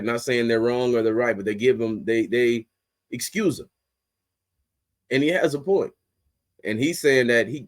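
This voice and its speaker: A young man rants as a sports podcast host, cussing freely and pushing his voice up when he gets worked up. His pitch sits in an ordinary middle range, and his delivery is blunt and heated throughout. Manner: heated, blunt, heavy swearing, rising to outbursts. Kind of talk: profane ranting commentary.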